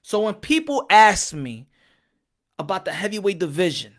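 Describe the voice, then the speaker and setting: A man from Texas hosting a casual boxing opinion vlog, talking in an animated, repetitive, profane way. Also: high-pitched, normal speed. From Texas, USA. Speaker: boxing commentator and host.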